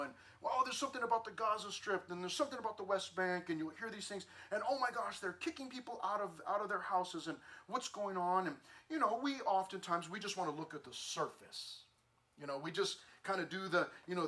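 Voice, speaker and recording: A man's voice: on the high side, pushed and bright. A man teaching a youth group through a Bible passage in a casual, conversational way, with many fillers and restarts. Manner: conversational, many fillers and restarts, acts out social media voices.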